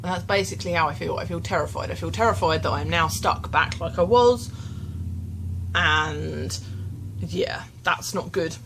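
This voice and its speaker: A woman's voice: on the low side, normal speed, fairly bright tone, slight background noise. A young woman vlogging candidly into her phone, rambling and self-deprecating, tearful and shaken. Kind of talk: candid confessional vlog. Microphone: phone camera.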